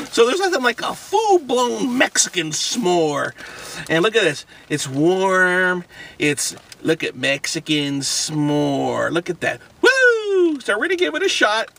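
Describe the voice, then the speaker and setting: A man hosting a casual food review vlog, talking in a goofy, rambling, excitable way. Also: high voice, gravelly, recorded from a distance, a little hiss or hum.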